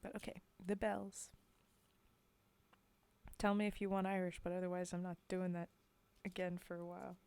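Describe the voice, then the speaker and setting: Speaking fast with hardly any pauses, she has a lowish, level, smooth voice with a touch of mellowness. She's a streamer from North America who reads poems aloud and talks to chat in between, giggling and teasing herself along the way.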